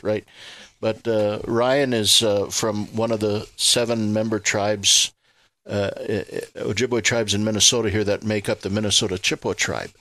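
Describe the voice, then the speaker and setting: A man who leads a ministry, introducing his guests slowly with many pauses and fillers. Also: fairly low pitch, a bit bright, no echo. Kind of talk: radio interview.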